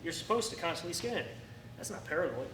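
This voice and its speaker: A man teaching a firearms class in a lively coaching way, acting out his students' reactions. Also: fairly high pitch, quick pace. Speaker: firearms instructor. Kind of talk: classroom instruction. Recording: echoey room, distant mic, faint noise.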